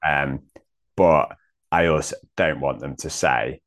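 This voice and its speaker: A man in a casual theological discussion, thinking aloud with many pauses and restarts. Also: extremely low pitch, a bit bright. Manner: hesitant, many ums and restarts.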